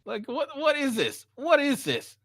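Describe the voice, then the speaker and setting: A man's voice: very high voice, huge pitch swings, a little slow, a bit bright, no room sound, studio quality. Angry, profane man ranting. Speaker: commentary host. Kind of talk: reaction commentary.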